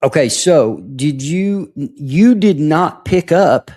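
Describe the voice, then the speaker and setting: A man's voice: on the high side, expressive, slow pace, dark tone. A man hosting a podcast, interviewing a guest with short prompts and probing questions. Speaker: podcast host.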